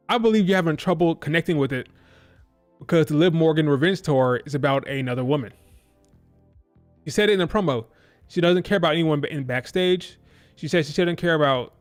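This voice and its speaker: A man casually reviewing a wrestling show on a live stream, rambling with lots of fillers. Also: fairly high pitch. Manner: rambling, filler-heavy, loose and conversational.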